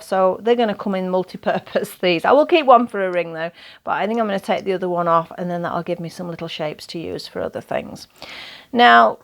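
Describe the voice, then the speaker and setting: A woman talks through a relaxed show-and-tell vlog in a chatty, rambling way. Her voice is gravelly with vocal fry and sits at a middle pitch. She sounds a little hoarse, as if losing her voice. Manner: chatty, rambling, laughs often. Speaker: doll collector vlogger.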